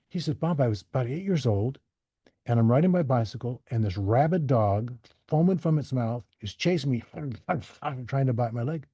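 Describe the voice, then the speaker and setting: A man talks with a dark, husky tone in a dry, close sound. He tells stories casually and animatedly, jumping high to act out the people he quotes. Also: moderate pace, dry recording. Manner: animated, acts out quoted voices. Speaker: podcast guest. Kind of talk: casual storytelling.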